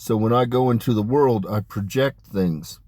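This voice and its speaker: A man talking in a rambling, emphatic monologue about spiritual matters, dropping his voice low on asides. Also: normal speed, dark tone, dry recording. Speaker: spiritual channeler. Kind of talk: casual spoken monologue.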